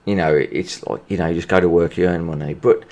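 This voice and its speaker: A man's voice: low-pitched, fairly even intonation, brisk, darkish tone, dull audio. A man, stuffy-nosed from hay fever, giving rambling, hesitant casual commentary while playing a football video game. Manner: rambling and hesitant, full of restarts. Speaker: gaming video creator.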